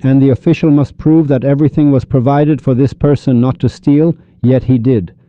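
A man's voice: medium pitch, fairly even intonation, moderate pace, no room sound. A man preaching a heated monologue on Sufism, sarcastic and insulting, with sudden angry outbursts. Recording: dull, dry lo-fi recording.

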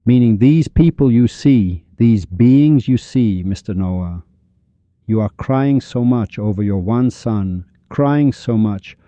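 Man giving a religious lecture, super dark mellow voice, dull lo-fi sound, really emphatic. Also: mid-range voice, expressive, takes it slowly, no echo. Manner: emphatic, dramatic, addresses listeners directly. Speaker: religious teacher. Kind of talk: lecture explaining poetry and scripture. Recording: dull lo-fi dry recording.

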